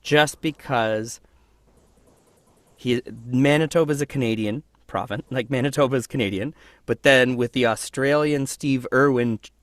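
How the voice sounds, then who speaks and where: A man who is a voice actor guest, talking through his work in a thoughtful, animated way. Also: medium pitch, unhurried, dry recording, studio quality. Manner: thoughtful, animated, acts out voices mid-sentence. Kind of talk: casual interview conversation.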